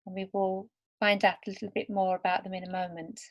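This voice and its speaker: A woman teaching English to beginners over slides, speaking slowly and deliberately word by word. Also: mid-range voice, level tone, lo-fi sound. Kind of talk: slow, clear lesson for beginner learners.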